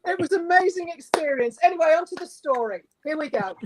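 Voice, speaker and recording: High-voiced animated woman storyteller. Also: fast, rough recording. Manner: animated, emotional, laughing storyteller. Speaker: guest speaker. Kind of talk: storytelling on a video call.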